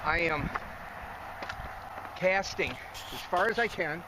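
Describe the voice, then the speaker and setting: Breathless man fishing outdoors, excited. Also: sits high, takes it slowly, heavy background noise. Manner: excited, folksy, talks to viewers directly. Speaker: fishing show host. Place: outdoors on a river bank.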